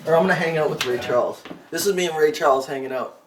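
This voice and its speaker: Man, chatty, laughs a lot, slightly high voice, casual shop tour. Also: fast talker, a little hiss or hum. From Canada. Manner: chatty, laughs often, uses "check this out". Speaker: vlog host touring a shop. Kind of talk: casual walkthrough chat.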